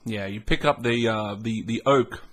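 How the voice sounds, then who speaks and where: A man's voice: lowish voice, normal speed, fairly bright tone. A man hosting a casual tasting vlog, musing aloud with hums, restarts and self-mocking asides. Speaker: whisky reviewer.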